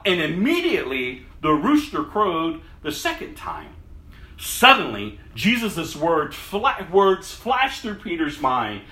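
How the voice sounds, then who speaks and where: A man preaching a casual sermon, reading scripture aloud and swinging from loud emphasis to hushed, low tones. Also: roomy sound.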